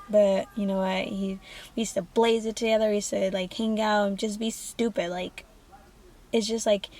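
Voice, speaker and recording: A woman's voice: medium pitch, a little mellow. A young woman in a casual vlog, talking candidly and profanely with many fillers. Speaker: vlogger. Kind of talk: casual get-to-know-me vlog.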